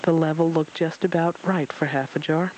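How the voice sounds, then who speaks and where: A narrator reading a children's storybook aloud in a steady, gentle way, with small slips. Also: mid-range voice, normal speed, slight background noise, rough recording.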